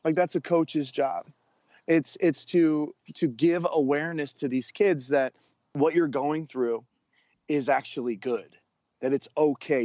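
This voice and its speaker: A man speaking as a guest coach educator on a podcast, telling stories in an earnest, expressive way. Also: mid-range voice, measured pace, no room sound. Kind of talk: storytelling interview talk. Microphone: podcast microphone. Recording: dull lo-fi sound.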